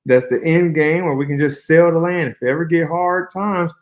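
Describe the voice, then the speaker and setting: A man speaking as a guest fighter in a casual interview, relaxed and colloquial, telling long flowing stories over a remote call. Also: fairly high pitch, normal speed.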